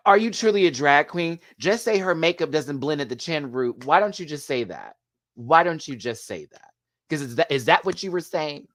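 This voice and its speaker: Sassy, animated male video reviewer. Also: a little high, normal speed, dry recording. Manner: sassy, animated, laughs often. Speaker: drag show reviewer. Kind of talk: live video review chat.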